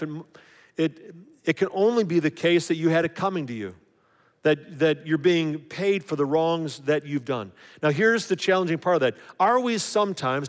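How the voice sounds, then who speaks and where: A man preaching a conversational sermon as a pastor, briefly acting out the voices of the people he quotes. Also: a little high. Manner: conversational, acts out voices of others. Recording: long hall reverb.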